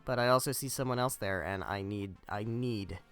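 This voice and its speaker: A man's voice: lowish voice, normal speed, a bit bright, smooth, soft background music. A young man hosting a casual Let's Play video, joking around, swearing casually and laughing at the game. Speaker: gaming video host.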